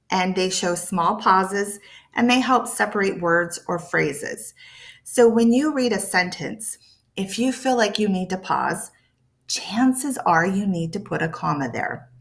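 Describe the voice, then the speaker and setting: A woman's voice: medium pitch, gravelly. A woman teaching English to learners, explaining patiently with playful emphasis and sound words. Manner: patient, repeats key points. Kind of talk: explaining lesson to camera.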